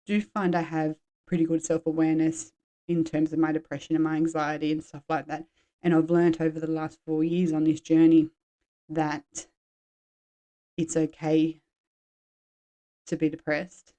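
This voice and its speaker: Woman in her forties, podcast host, low warm voice, candid and loose, happy to swear. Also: level tone, a little slow, pauses often. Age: 40s. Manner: frank, rambling, drops swear words. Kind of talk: candid personal chat.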